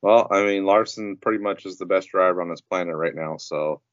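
Deep-voiced man, joking podcast host. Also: a little fast, no echo, muffled recording. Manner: joking, laid-back banter, laughs often. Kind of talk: casual racing podcast chat.

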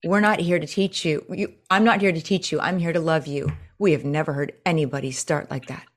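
A woman coach talking in a casual interview, telling stories with lively swings in her voice. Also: brisk. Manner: animated storyteller, acts out quotes with big pitch jumps. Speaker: presentation coach, guest.

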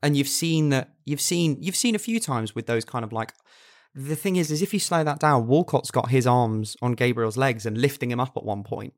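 A young man chats casually as a podcast co-host. His delivery is animated, and he often stumbles over repeated words while working up to a point. His voice sits at an ordinary middle pitch. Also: normal speed. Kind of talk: casual football chat.

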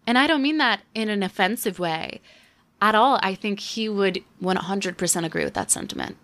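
A woman's voice: medium pitch, sing-song, moderate pace, a bit bright. A young woman chats through her solo podcast with a wry, offhand humor. She rambles, stacks fillers and throws in dry asides as she goes. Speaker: podcast host. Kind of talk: casual solo podcast chat.

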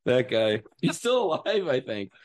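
Middle-aged male actor, casual animated storyteller, does voices mid-anecdote. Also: mid-range voice, moderate pace. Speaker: actor guest.

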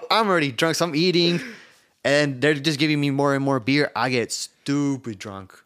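A man's voice: on the high side, normal speed, a crowd in the background. A young man co-hosting a podcast, telling a rowdy story in casual chat, laughing often and acting out the lines he quotes. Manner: laughing, animated storyteller who acts out quotes. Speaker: podcast co-host.

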